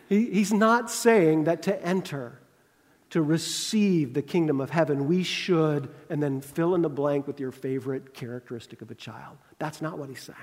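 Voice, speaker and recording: A middle-aged man preaching a sermon as pastor, conversational and humorous, with lively asides. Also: on the high side. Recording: long reverb of a large hall.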